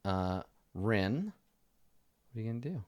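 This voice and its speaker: A man's voice: on the low side, big pitch swings, unhurried, a little mellow, dry recording, studio quality. A man running a tabletop game as dungeon master, narrating the action vividly with many fillers.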